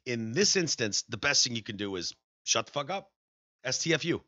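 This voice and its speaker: A man's voice: mid-range voice, big pitch swings, brisk, pushed and bright, no room sound, dull audio. A man with a Michigan accent co-hosting a podcast in casual banter, joking and acting out quotes. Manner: chatty, joking, acts out quotes. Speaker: podcast co-host.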